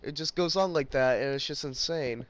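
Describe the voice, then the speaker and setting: A man's voice: fairly high pitch, normal speed, very noisy. A young man giving casual gameplay commentary, rambling and ranting about a friend and mimicking him in mocking voices. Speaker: gaming channel host.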